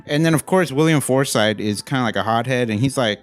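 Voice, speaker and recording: A man's voice: mid-range voice, lively intonation, brisk, few pauses, dry recording, faint music behind. Profane rambling man reviewing a movie.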